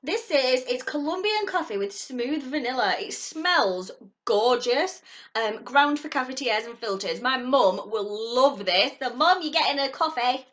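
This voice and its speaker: Bubbly woman, high and lively. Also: a little slow. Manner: gushing and excitable, squeals at surprises. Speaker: vlogger unboxing a subscription box. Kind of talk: casual unboxing chat to camera.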